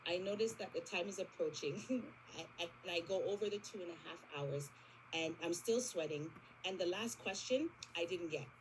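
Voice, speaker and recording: Speaking at a moderate pace in a fairly low voice, a church member in her forties gives her testimony at a service and voices the dialogue of her story herself. The recording is rough, with slight background noise.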